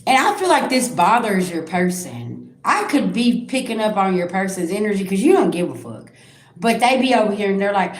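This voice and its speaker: A woman's voice: mid-range voice, very animated, brisk, roomy sound. Blunt, profane woman reading live. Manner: blunt, profane, talks straight to viewers. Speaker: psychic reader on a live stream. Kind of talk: casual live-stream reading. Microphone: own microphone.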